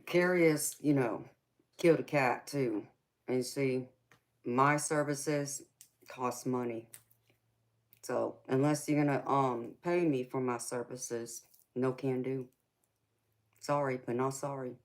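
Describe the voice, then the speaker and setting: Southern woman, low voice, sassy drawl, livestream tarot host chatting with viewers. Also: fairly even intonation, slow, long pauses. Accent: Southern American. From American South. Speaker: tarot reader hosting a livestream. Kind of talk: casual livestream chat with viewers.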